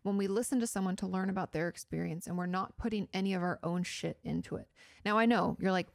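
A woman's voice: mid-range voice, fast talker, vocal fry, dry recording, clean studio sound. A woman therapist answering viewer questions in a chatty, explanatory way, with lots of "you know" and "like". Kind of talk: casual advice talk.

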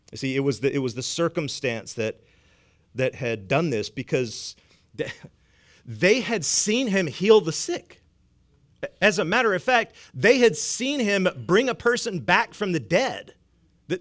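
Guy preaching to his church, pretty high voice, gets loud then drops real quiet, stumbles and repeats words a lot. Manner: conversational preaching, swings between loud and hushed; frequent stammered repeats. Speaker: pastor. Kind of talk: sermon.

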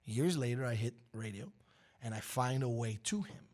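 Here a radio show co-host in his forties speaks in a mid-range voice at normal speed. Chatting casually, he recounts a story with animation and performs the characters' quotes out loud at volume.

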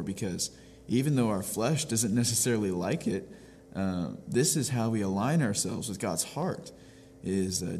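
A man's voice: fairly low pitch, a little mellow, big-room sound, slight background noise. A man giving a church devotional, earnestly explaining a passage step by step, often restarting his phrases. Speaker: pastor. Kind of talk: devotional teaching.

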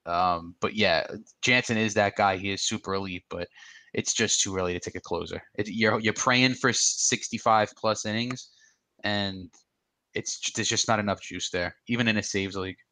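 Male podcast co-host, forceful tone, emphatic opinions, dry sound. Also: lowish voice, fairly even intonation, moderate pace, no echo. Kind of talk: casual podcast chat.

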